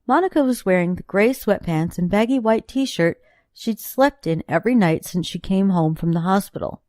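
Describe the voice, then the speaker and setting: A woman narrating a novel chapter in a steady, even storytelling delivery. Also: mid-range voice, normal speed, no echo, studio quality. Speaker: audiobook narrator. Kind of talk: audiobook reading.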